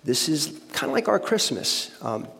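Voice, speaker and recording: A man's voice: fairly high pitch, very animated, normal speed, gravelly, a bit bright. A man giving a conversational sermon as a guest speaker, often repeating words and checking in with the audience. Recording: long hall reverb.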